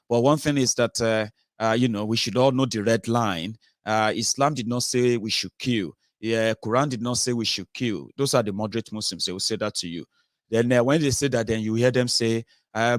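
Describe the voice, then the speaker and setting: A Nigerian-accented man delivers a fervent commentary monologue in a low-pitched voice. He is emphatic and leans on rhetorical questions, with frequent filler sounds between points. The recording is dry, with no room echo. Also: a little fast. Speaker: political commentary host.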